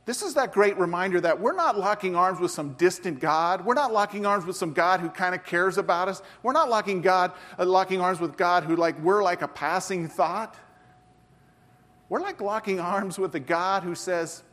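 Pastor, man, mid-high voice, earnest sermon delivery with restarts, recorded with long hall reverb. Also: moderate pace, a bit bright. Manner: earnest, with many restarts and rhetorical questions.

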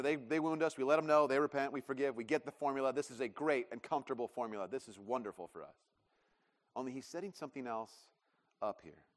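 A man in his thirties preaching a sermon in a church, conversational and self-deprecating, acting out bits of dialogue. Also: on the high side. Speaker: pastor. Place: church auditorium. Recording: long reverb of a church hall.

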